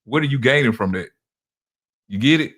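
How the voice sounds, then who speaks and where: A man's voice: mid-range voice, animated, normal speed, fairly bright tone. A man in casual podcast chat, telling stories loosely with many restarts. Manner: loose, repetitive storytelling with frequent restarts. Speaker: podcast co-host.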